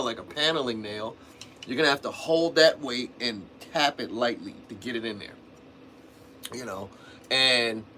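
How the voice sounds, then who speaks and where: A livestream host with a pushed, bright, mid-range voice talks casually about drumming, rambling as he teaches. He restarts sentences and adds "man" and "you know," against slight background noise.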